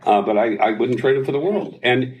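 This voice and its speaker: A man's voice: mid-range voice, fairly quick, slight background noise, poor audio. A man in his sixties, a singer as interview guest, telling anecdotes in casual talk. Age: 60s. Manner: animated storyteller, does voices in anecdotes.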